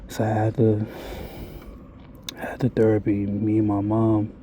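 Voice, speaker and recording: In a blunt, rambling confessional, a vlogger speaks directly to his viewers and swears freely. His low, very dark voice is mellow and relaxed, nearly flat in pitch, and he takes his time, with a little hiss or hum behind him.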